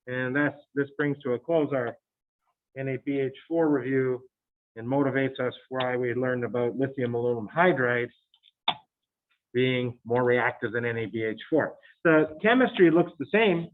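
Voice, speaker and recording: A man lecturing on chemistry to students in a chatty way, with joking asides. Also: medium pitch. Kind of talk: recorded lecture. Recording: tinny phone-like lecture audio.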